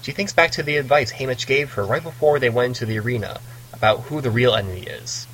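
A man's voice: mid-range voice, fast, a bit bright, slight background noise, poor audio. A man co-hosting a casual book discussion, recapping the plot with playful asides. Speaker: podcast co-host recapping a novel.

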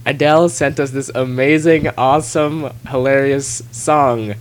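A man hosting a casual podcast chat, talking in halting bursts with frequent restarts and laughs. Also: mid-range voice, fairly even intonation, slight background noise. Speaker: podcast host.

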